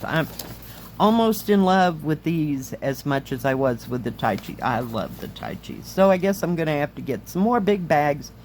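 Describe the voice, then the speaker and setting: A middle-aged woman, slightly hoarse, chatting casually as she reviews craft kits and handles them on camera. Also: deep voice, darkish tone, a little hiss or hum. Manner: chatty, enthusiastic, talks while handling items. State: slightly hoarse, losing her voice. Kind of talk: casual chat.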